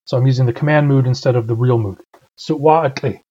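A man's voice: medium pitch, brisk, dark tone, slightly rough, highs cut off. A man teaching a language class, explaining words and sentences patiently and methodically. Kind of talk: online language lesson.

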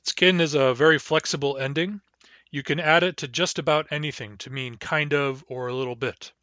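A man's voice: fairly high pitch, steady tone, sharp tone, no room sound. Patient man teaching a language lesson. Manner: patient, explains step by step, slows down to model words.

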